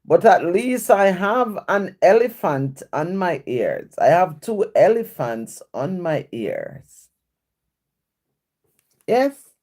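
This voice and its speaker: A woman's voice: lowish voice, big pitch swings, takes it slowly, a little mellow. A woman with a Jamaican accent on a live stream, reading viewer comments aloud and chatting back to them. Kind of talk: casual live-stream chat.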